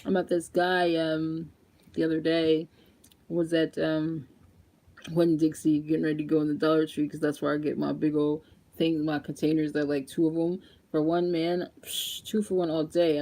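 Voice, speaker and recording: A young woman chatting casually in a makeup vlog, animated and laughing often as she talks straight to her viewers. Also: low voice. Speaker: beauty vlogger.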